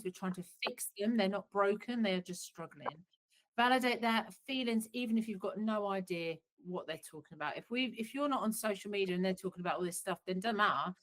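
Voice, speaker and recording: A woman's voice: medium pitch, low-quality recording. A middle-aged woman psychotherapist, giving earnest, practical advice in an online workshop, often restarting her sentences.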